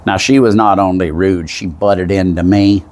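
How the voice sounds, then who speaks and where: A man's voice: sits low, steady tone, moderate pace, darkish tone. A man with a Southern US accent telling a folksy, meandering story in a casual monologue, full of asides. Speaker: vlogger.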